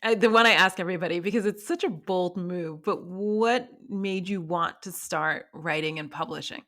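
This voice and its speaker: A woman's voice: lowish voice, moderate pace, bright, forceful tone. A woman hosting a podcast, chatting casually with many fillers and frequent laughs. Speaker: podcast host. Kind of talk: casual interview chat.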